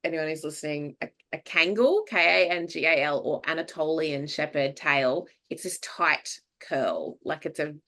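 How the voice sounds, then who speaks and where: An Australian woman hosts a podcast in a relaxed, chatty way, her voice sitting a little low. She tells stories with energy, acts out other people's words and laughs easily. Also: moderate pace, few pauses. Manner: lively anecdotes, acts out what people said, laughs often. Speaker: podcast host. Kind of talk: casual chat, animated storytelling.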